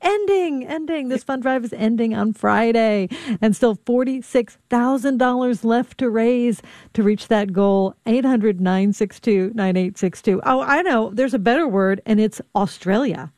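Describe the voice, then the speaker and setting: A woman co-hosting a live public radio pledge drive, playful and quick as she lists the offers and prizes. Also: a little high, darkish tone, no room sound. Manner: playful, quick with promotional details.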